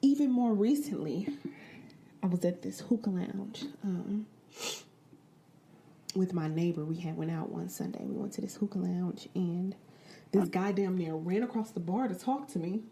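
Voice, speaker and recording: A young woman from the American Midwest hosting a podcast, telling a personal story in a blunt, profane and animated way. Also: lowish voice, creaky, slight background noise. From Midwestern United States. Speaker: podcast host. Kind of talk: candid storytelling monologue.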